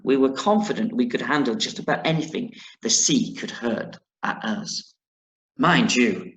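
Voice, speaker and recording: A man's voice: mid-range voice, fairly bright tone, reverberant, poor audio. A male teacher reading a novel aloud to pupils, breaking off now and then to explain words and set homework.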